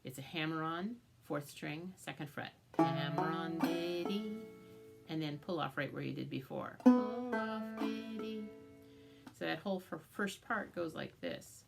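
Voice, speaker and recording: A woman's voice: deep voice, moderate pace, creaky, over loud music. A woman teaching a banjo tune step by step, explaining strings and frets patiently and chanting the picking rhythms. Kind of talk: instructional music lesson. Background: loud banjo playing.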